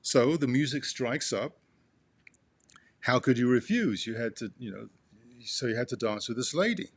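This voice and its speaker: A man reading a memoir aloud to his father, halting with restarts and turning asides to the listener as "you". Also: mid-range voice, slightly rough, no room sound.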